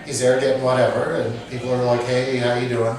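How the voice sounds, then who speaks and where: A man's voice: medium pitch, level tone, brisk, distant mic. A man from Nova Scotia casually telling an anecdote as a guest on a talk show. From Nova Scotia, Canada. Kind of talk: casual storytelling. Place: pub. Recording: echoey pub, off-mic, busy crowd behind.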